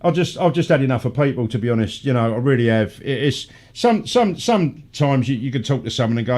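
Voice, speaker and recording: Casual guy in middle age going off on a sweary rant, pitch jumping all over. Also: expressive, fast talker, hardly any pauses, darkish tone. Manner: sweary, ranting, exasperated. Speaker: radio show host. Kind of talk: casual chat.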